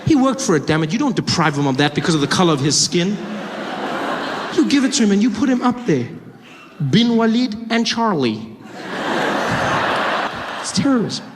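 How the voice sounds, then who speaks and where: A man's voice: high voice, sing-song, quick pace. A man performing stand-up comedy, telling stories in a conversational way with self-correcting asides. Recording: live stage mic in a reverberant hall with a noisy crowd.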